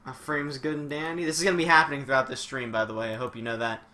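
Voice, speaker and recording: A young man commentating a wrestling video game on a live stream, excitable and swearing a lot, shouting one moment and muttering the next. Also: mid-range voice, fast.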